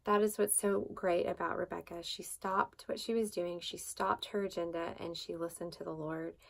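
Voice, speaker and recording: A woman's voice: on the low side, fairly even intonation, normal speed, vocal fry. A woman hosting a devotional talk who shares a personal faith story in a loose, conversational way, with many fillers and restarts. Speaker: devotional podcast host.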